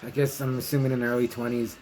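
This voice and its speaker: A man's voice: mid-range voice, flat delivery, fast, darkish tone, faint music behind, poor audio. A man talking casually and hesitantly, rambling with fillers and restarts as he chats and reads out letters from fans. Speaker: zine editor reviewing movies. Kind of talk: casual vlog monologue, reading fan letters.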